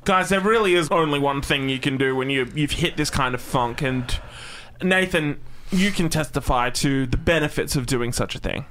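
A man's voice: mid-range voice, normal speed, fairly bright tone. An Australian man co-hosting a casual music podcast, joking and swearing freely. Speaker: podcast co-host. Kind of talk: casual chat.

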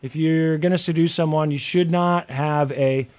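Midwestern American man co-host, higher-pitched voice, rambling casual talk. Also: steady tone, normal speed, darkish tone. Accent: General American Midwest. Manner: chatty, musing, full of fillers and restarts. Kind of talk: casual chat.

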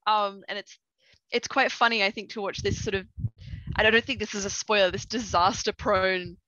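A woman's voice: mid-range voice, moderate pace, no room sound, lo-fi sound. A woman co-hosting a gaming show, joking and telling stories animatedly. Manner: animated, jokey storyteller. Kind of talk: casual review chat.

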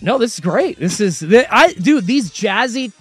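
A man co-hosting a sports talk show, griping and ranting with plain frustration. His voice sits a little high for a man, with faint music running behind him. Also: expressive, moderate pace, fairly bright tone, slightly rough. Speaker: co-host.

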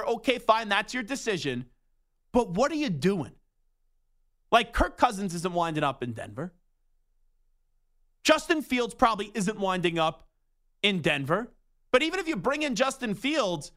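A man's voice: very high-pitched, very animated, moderate pace, pauses often, sharp tone. A young man hosting sports radio, ranting with emphatic rhetorical questions. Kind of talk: opinionated sports talk monologue.

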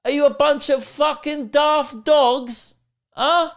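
Aussie man putting on a screeching, furious British man, loud, drawn out, berating. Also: fairly even intonation, slow, exaggerated voice. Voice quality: shouting, high-pitched and insulting.

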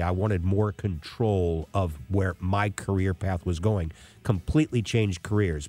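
A man in his sixties hosting a radio talk show, telling a rambling, animated story with many restarts. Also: low voice, no room sound. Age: 60s. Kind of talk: casual talk radio monologue.

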